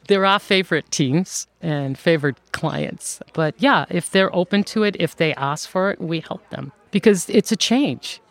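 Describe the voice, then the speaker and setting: A woman who runs an outsourcing firm, telling stories in an interview in a lively way and laughing often. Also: lowish voice, measured pace. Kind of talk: conversational interview storytelling.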